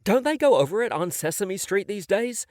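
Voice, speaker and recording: A man's voice: sits high, lively intonation, moderate pace, a little mellow, no echo. A man narrating a novel in the first person, wry and self-mocking, on a close studio mic. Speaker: audiobook narrator.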